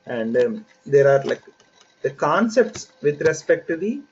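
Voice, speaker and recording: Male software trainer, patient step-by-step explainer, slightly high voice, muffled lo-fi recording. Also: big pitch swings. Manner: unhurried, explains step by step with fillers. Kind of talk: online training lecture. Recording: dull lo-fi audio with faint hiss.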